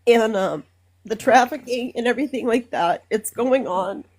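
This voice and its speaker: A woman's voice: a little high, animated, a little mellow. Earnest woman caller from Minnesota. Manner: earnest, emotional, halting with fillers. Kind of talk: casual call-in talk.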